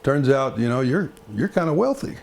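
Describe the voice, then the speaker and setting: A man voicing a calculating bank loan officer in a folk tale, his voice pitched up into a wheedling salesman tone. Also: big pitch swings, normal speed, creaky. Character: pushy New York bank loan officer, smooth and calculating.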